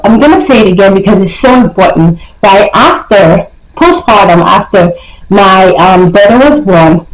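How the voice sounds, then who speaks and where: A woman's voice: medium pitch, reverberant, rough recording. A young woman talking to camera in a casual, emphatic way, giving life advice and often checking in with "okay?". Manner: emphatic, repeats points, coaxing "okay?". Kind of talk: casual motivational talk to camera.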